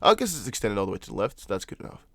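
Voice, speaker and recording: A man's voice: lowish voice, big pitch swings, rapid-fire, creaky, a bit bright, dry recording, clean studio sound. A young man, not a native English speaker, hosting a casual live stream, chatting loosely and answering viewer comments with restarts and apologetic asides. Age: young adult. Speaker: crypto livestream host.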